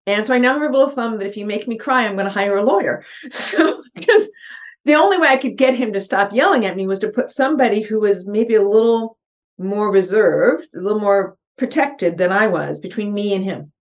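A woman's voice: medium pitch, expressive, fairly quick. A middle-aged woman with a mid-range voice tells her story earnestly as a podcast guest. She talks with animation and acts out her own thoughts in quotes. The audio is a little dull and muffled. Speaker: podcast guest, real estate investor. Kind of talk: personal storytelling in an interview.

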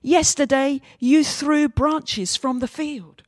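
A woman's voice: medium pitch, lively intonation, moderate pace, no room sound, clean studio sound, close to an everyday voice. A woman voicing a vain young male donkey who is cross and indignant, told as a story within a sermon.

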